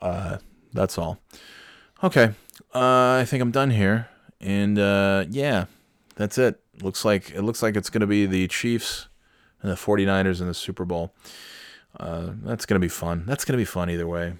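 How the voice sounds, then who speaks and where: Deep-voiced man, crude sarcastic podcaster. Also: normal speed, smooth, dry recording, clean studio sound. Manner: sarcastic, crude and rambling, mock-sincere. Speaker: podcast host. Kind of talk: casual solo podcast outro. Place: at home on a Sunday night.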